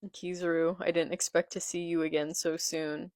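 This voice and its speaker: Reading manga dialogue aloud and then reacting to it, a young vlogger speaks at a moderate pace in a fairly low, slightly mellow voice with little pitch movement. The casual video is filmed on a phone in portrait, with a dry, clean studio sound.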